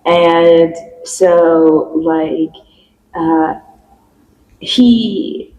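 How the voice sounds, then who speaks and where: A woman co-hosting a podcast, chatting casually as she retells a play's plot and acts out the quotes in a higher voice. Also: extremely slow, warm tone, slight background noise, poor audio. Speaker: podcast co-host. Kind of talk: casual chat recapping a play.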